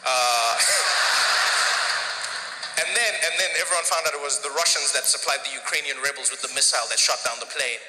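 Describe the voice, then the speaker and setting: A man doing a stand-up comedy set on a theater stage through a handheld mic, telling stories in a lively way with many accent impressions. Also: fairly high pitch, racing, few pauses. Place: theater stage before an audience. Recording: live stage hall with faint ambience.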